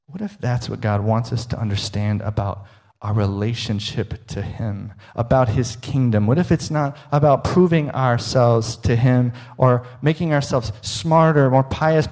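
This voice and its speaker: Male pastor preaching, earnest, goes quiet and low for the big points, mid pitch. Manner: earnest, dips soft and low for emphasis. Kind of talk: sermon.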